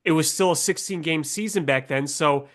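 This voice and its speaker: A man with a stuffed-up, nasal voice from a cold co-hosts a casual sports podcast. He talks a little high and rambles through player stats. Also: moderate pace. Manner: rambling stats-heavy analysis. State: congested from a cold. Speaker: podcast co-host.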